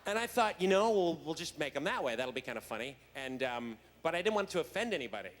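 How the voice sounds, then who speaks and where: A man's voice: fairly high pitch, big pitch swings, quick pace. A man, a guest actor at a fan convention, telling a comic backstage story in a chatty, laughing way with many restarts. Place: large convention hall. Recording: echoey hall, faint noise.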